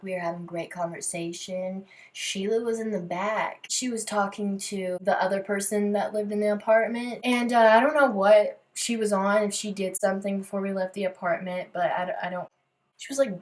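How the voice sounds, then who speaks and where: A young woman vlogger telling a storytime tale in a casual, animated way, acting out the dramatic moments. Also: mid-range voice.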